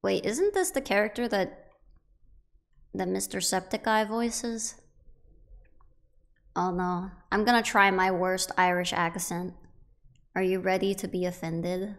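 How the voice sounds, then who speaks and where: A woman's voice: medium pitch, fairly even intonation, a little slow, long pauses. A young woman giving casual, playful commentary while playing a video game, chatting to the objects she finds. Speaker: let's play gamer.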